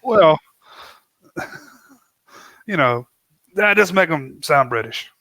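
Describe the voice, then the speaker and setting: Man with a sharp bright voice, casual movie chat, relaxed short replies, dry close sound. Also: a little high, extremely slow, dry recording. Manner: laid-back, brief agreeing replies. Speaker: podcast co-host.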